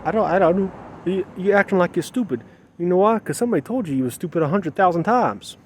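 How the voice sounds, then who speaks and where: A man's voice: sits high, animated, fast talker, a little hiss or hum. A man talking to his camera in a rambling, emotional way, repeating himself as he questions his own feelings, outdoors. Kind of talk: personal vlog monologue.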